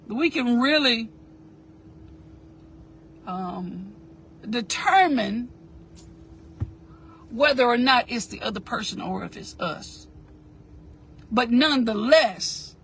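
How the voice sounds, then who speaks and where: Speaking slowly with long pauses, this woman gives a motivational talk in a slightly high, creaky, somewhat bright voice, with a little hiss or hum on the recording. She uses a preaching rhythm, repeats phrases for emphasis, and directly asks listeners to repeat lines with her.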